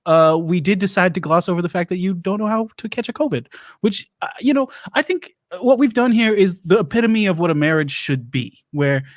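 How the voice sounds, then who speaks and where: A man playing a rambling, divorced doomsday-prep lecturer who hosts an improvised comedy show, talking in halting, deadpan stops and starts. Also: high-pitched, dry recording, clean studio sound.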